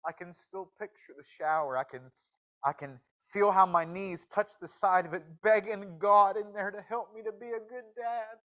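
A man preaching a sermon in a folksy, joking manner, swinging from hushed confession to loud exclamations. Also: sits high, steady tone, moderate pace, low-quality recording. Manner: shifts from hushed to shouting.

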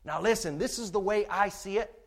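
Emphatic high-voiced male pastor preaching. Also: brisk. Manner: emphatic, swings from shouting to hushed asides. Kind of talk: sermon.

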